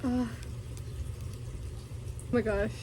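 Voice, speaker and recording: A woman's voice: a little high, fairly even intonation, very slow, warm tone, slight background noise. A young woman vlogging casually, giggling and gushing with many fillers as she unboxes something.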